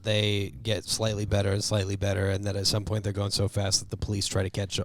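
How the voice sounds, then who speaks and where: A man's voice: on the low side, completely flat delivery, brisk. A young man co-hosting a casual movie review podcast, joking around, laughing often and acting out lines from the film. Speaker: podcast co-host.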